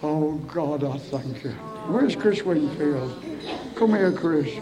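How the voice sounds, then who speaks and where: A man's voice: fairly high pitch, lively intonation, slow, crowd noise, low-quality recording. A man preaching fervently at a revival meeting, pleading and emotional, with stammered starts.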